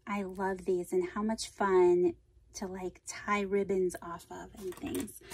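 A woman's voice: on the low side, little pitch movement, slow pace, a little mellow, slight background noise. A woman hosting a casual craft vlog, opening mail from viewers and thanking them effusively. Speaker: craft channel host.

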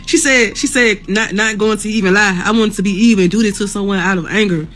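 A woman in pain chats live with her viewers from a hospital room. Her voice sits at a middle pitch and her talk is blunt and full of cursing, broken up by laughter. Faint music plays behind her. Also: quick pace. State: in pain, near tears. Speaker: livestreamer reading viewer comments. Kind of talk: casual live chat with viewers.

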